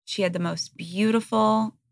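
A woman's voice: medium pitch, steady tone, measured pace, dry recording, studio quality. A woman in her thirties, a podcast guest, speaking frankly and earnestly in a candid interview.

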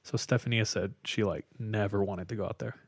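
A man co-hosting a podcast, casually retelling a spooky story with lots of fillers and a hushed tone for the eerie parts. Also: on the low side, steady tone, brisk, no room sound, clean studio sound. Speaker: podcast co-host telling a story.

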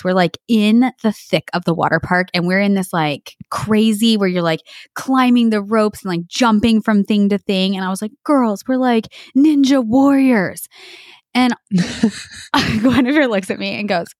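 A woman's voice: lowish voice, no room sound, clean studio sound. A woman from New Mexico co-hosting a casual podcast from a hotel room, telling stories in a bubbly way with many "likes" and laughs. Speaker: podcast co-host.

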